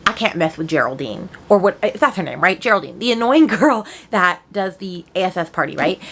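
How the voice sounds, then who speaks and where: A young woman vlogging casually about a book she is reading, chatty and animated, with mock-outraged asides and casual swearing. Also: fairly low pitch.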